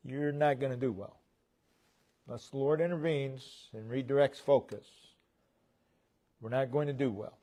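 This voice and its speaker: A man preaching a sermon in a church, speaking in short, deliberate phrases that trail off at the ends. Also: mid-range voice, fairly even intonation, dark tone. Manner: slow, deliberate preaching with pauses between phrases; voice falls away at the ends of phrases.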